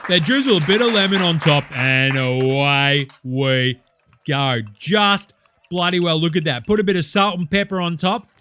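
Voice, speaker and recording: A man's voice: a little high, moderate pace, bright, forceful tone, slight background noise. A man voicing a laid-back blokey cooking-show host with an Australian accent, crude and full of swearing and matey banter. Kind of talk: comedy cooking-show parody.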